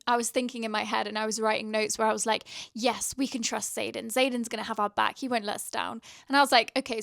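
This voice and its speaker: A woman's voice: on the high side, vocal fry, a bit bright, clear, resonant tone, no echo, clean studio sound. A young woman chatting casually in a reading vlog, gushing and rambling with lots of fillers. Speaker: book vlogger.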